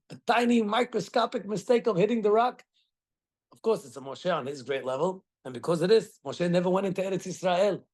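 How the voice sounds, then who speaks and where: A middle-aged man, a rabbi, giving a Torah class and telling the story with animated acted quotes. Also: on the high side.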